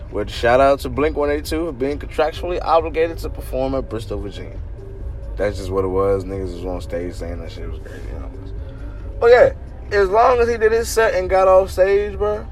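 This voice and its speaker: A man hosting a podcast, telling a story casually with lots of swearing and animated laughter. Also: high voice. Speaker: podcast host.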